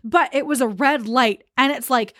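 A young woman co-hosting a podcast, telling a story in a casual, animated way with plenty of swearing. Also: high voice, normal speed, no echo, studio quality. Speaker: podcast co-host. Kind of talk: casual chat.

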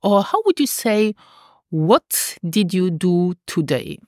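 A woman teaching a language lesson, patiently repeating words slowly for pronunciation. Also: fairly low pitch, very animated, mellow, dry recording, clean studio sound.

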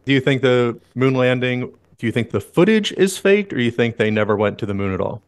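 A man's voice: mid-range voice, expressive, fairly quick. A man hosting a casual podcast, talking in a wry way with sarcastic asides. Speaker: podcast host.

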